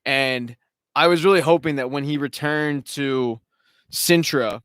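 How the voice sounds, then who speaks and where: A man's voice: on the high side, unhurried, fairly bright tone, smooth, no room sound, clean studio sound. A man hosting a live recap stream, talking casually at home, rambling, swearing and slipping into mocking impressions. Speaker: show host.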